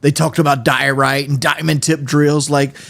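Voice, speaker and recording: A man's voice: a little high, little pitch movement, normal speed, creaky, fairly bright tone. A man streaming a game, chatting casually in a rambling, profane way and often laughing. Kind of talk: casual livestream chat.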